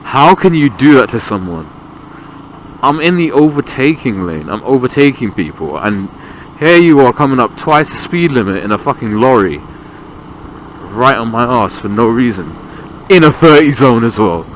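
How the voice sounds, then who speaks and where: A man's voice: medium pitch, big pitch swings, moderate pace, low-quality recording. A young man, a learner driver ranting and swearing in exasperation while he drives. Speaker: learner driver filming himself. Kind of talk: ranting in-car commentary. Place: inside a car on a busy road. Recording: car interior with loud road and traffic noise.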